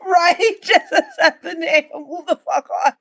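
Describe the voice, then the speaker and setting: A woman's voice: very high-pitched, measured pace, dry recording. A woman reacting to a clip, swearing and laughing a lot as she comments. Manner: loud, profane, laughing often. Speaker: reaction streamer.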